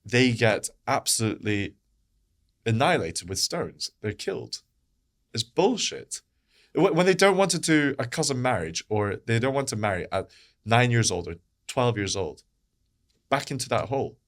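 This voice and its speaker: A man's voice: mid-range voice, very animated, normal speed. A man with a Scottish accent, a podcast guest talking bluntly and heatedly, swearing and repeating points for emphasis. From Scotland. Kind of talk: impassioned podcast conversation.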